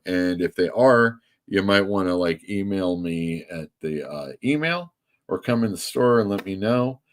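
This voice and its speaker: Comic shop host, male, lowish voice, easy rambling chat. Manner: loose, rambling. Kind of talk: casual chat.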